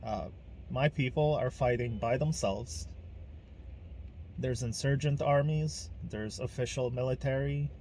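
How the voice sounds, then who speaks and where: A man's voice: medium pitch, unhurried, a little mellow, slight background noise. Blunt man talking. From Ukraine. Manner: blunt, emphatic, swears freely. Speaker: podcast host. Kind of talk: casual monologue.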